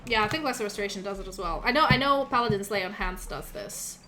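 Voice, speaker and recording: Bright-voiced woman running a tabletop game, loose and rambly. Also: medium pitch, quick pace, slight background noise. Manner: rambling, many fillers and restarts. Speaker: game master.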